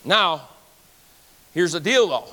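A man preaches a fervent sermon in a high, bright voice. His words ring out with a long hall reverb around them. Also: lively intonation, slow pace. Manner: fervent preaching, rising to shouts. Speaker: pastor. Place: church sanctuary.

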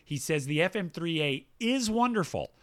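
A man co-hosts a relaxed chat show and reads out listener mail, breaking in with quick comments of his own. His voice sits a little high and sounds bright and forceful. His pitch rises and falls a lot, so he sounds animated. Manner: reads emails aloud with asides, animated. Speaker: podcast co-host reading listener mail. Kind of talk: casual chat.

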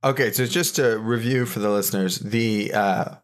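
A man with a somewhat low voice hosts a comedy podcast. He asks dry, quizzical questions and recaps the joke with deadpan timing in casual banter. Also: normal speed. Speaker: podcast host.

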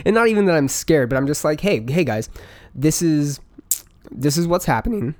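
A man's voice: on the high side, animated, normal speed, a little mellow, dry recording. A man talking in a casual monologue to listeners, rambling with lots of fillers and frequent swearing. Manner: rambling, profane, full of fillers.

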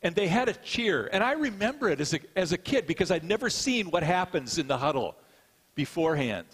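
Middle-aged pastor preaching. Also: male voice, high voice, big pitch swings, a little fast, slightly rough. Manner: conversational storytelling, self-deprecating. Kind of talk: sermon. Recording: long hall reverb.

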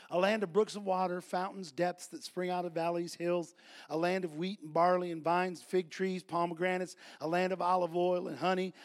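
A male pastor preaching a sermon, reading scripture and telling stories, building to loud shouts. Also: sits high.

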